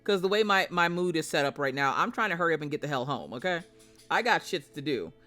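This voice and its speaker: Chatting casually on a live stream, a woman talks fast in a low-pitched, bright, forceful voice with lively intonation. She's brash and foul-mouthed, spinning joking stories and erupting into loud mock rants over faint background music.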